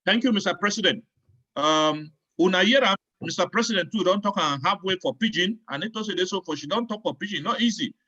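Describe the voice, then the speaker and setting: A man's voice: sits high, a little fast, pushed and bright, highs cut off. A man moderating a town hall on a video call, polite and deferential to the speaker. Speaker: meeting moderator.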